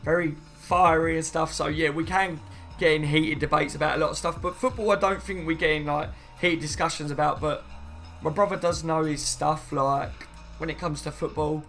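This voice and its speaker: Guy on a laid back live stream, gravelly voice, bit high, reads chat out and answers. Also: steady tone, normal speed, fairly bright tone, faint music behind. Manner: chatty, reads viewer comments aloud and answers them. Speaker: fan channel host.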